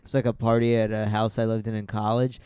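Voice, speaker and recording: A man's voice: lowish voice, little pitch movement, fast talker, darkish tone, clean tone, dry recording. A man co-hosting a podcast, rambling in casual chat with many "like"s. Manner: rambling, hedging with "like". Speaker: podcast co-host.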